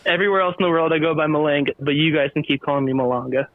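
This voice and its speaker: Comic male guest phoning in, higher voice, dry close sound. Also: very fast, no room sound, phone-quality sound. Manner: joking, animated storyteller. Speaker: phone-in guest. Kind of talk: casual chat.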